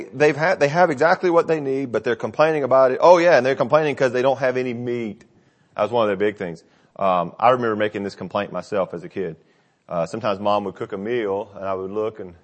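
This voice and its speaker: A man preaching a conversational sermon, telling a scripture story with personal anecdotes and acting out the quotes. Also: medium pitch. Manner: conversational, animated when quoting.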